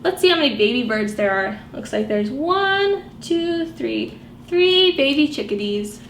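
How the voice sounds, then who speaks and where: A woman librarian reading picture books aloud to young children, animated and sing-song, asking them questions as she goes. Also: high voice, measured pace. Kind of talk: storytime read-aloud for children. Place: library room. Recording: echoey room with faint background noise.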